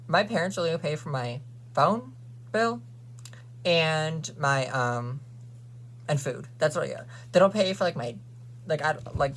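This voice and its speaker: A man's voice: on the high side, gravelly, a bit bright. A young man venting to camera in a sassy, profane, ranting way, as a vlogger. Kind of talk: casual rant to camera.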